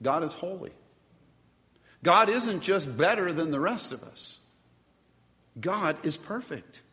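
Man, pastor, lively sermon, slightly high voice, long hall reverb. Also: takes it slowly. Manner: animated preaching with asides to the congregation.

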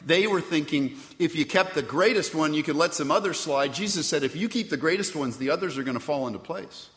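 Middle-aged pastor guy preaching, chatty, asks the crowd stuff, kinda high voice, big echoey church. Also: fairly quick, a bit bright. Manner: conversational preaching with rhetorical questions and acted-out quotes. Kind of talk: sermon. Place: church sanctuary. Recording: long reverb from a large hall.

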